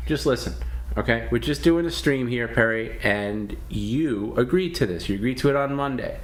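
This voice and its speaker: A man on a live stream, calmly scolding and mocking his co-host in a needling way. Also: mid-range voice, moderate pace. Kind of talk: casual live-stream talk.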